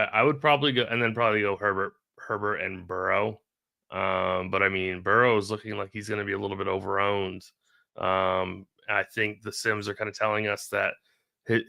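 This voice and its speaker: A man with a low, gravelly voice and a bright, forward edge talks in a loose, halting way, often stopping to restart a thought. The sound is dry and close, with no room around it. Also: dry recording. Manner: hesitant, many ums and restarts. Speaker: fantasy sports analyst. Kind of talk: casual live-stream chat.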